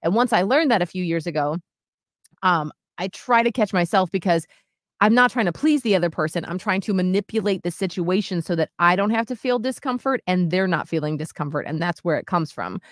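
A young woman co-hosting a radio show, talking candidly and haltingly in casual chat. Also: lowish voice, animated, dry recording, studio quality. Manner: candid, halting, self-reflective. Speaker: radio co-host.

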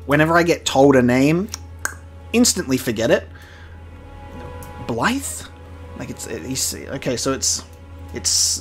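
Playful man doing game commentary. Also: medium pitch. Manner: chatty, playful, laughing asides. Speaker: gaming streamer. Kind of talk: let's-play commentary.

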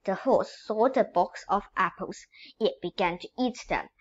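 A woman reading a children's storybook aloud in a slow, expressive way. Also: mid-range voice, dull audio. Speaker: storybook reader.

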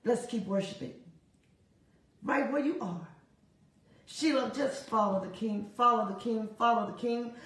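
A woman delivering a prophetic word on a prayer broadcast, animated and laughing often, repeating phrases in a rhythmic preaching cadence. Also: on the high side, a little slow, long pauses, heavy reverb, distant mic. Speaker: prophetic minister.

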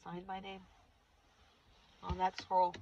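Animated woman telling a story, lo-fi. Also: lowish voice, slow, gravelly. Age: adult with children. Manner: animated, acts out quotes with big swings in loudness. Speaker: vlogger recounting a retreat. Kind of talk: casual storytelling monologue.

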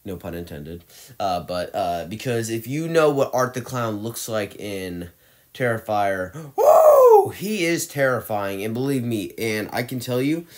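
A man's voice: fairly low pitch, expressive, unhurried. A man ranking movies in a casual, opinionated monologue, ranting and exasperated, often restarting his sentences. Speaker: movie reviewer.

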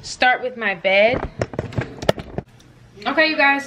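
A woman in her twenties vlogs from her bedroom, talking to a compact camera in front of her with slight background noise. Her voice is medium-pitched and sharp in tone; she speaks slowly with long pauses, rambling casually with plenty of "ums" and "likes."

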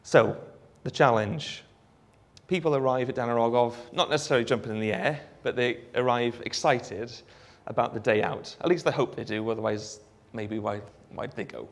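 Welsh man with a gravelly voice demoing an app. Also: medium pitch, moderate pace. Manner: relaxed, frequent ums, explanatory. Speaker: app developer giving a presentation. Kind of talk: live product demo talk.

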